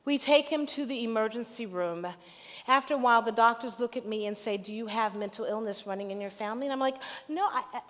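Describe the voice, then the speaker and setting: A woman's voice: a little high, fast talker. Middle-aged woman preaching in a reverberant hall. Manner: call-and-response preaching, swinging from hushed storytelling to loud emphatic peaks. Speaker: pastor. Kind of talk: sermon.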